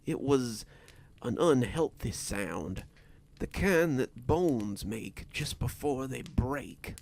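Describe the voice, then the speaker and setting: A man narrating a scripted horror story in a slow, deliberate storytelling manner. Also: medium pitch, animated, vocal fry, a little mellow.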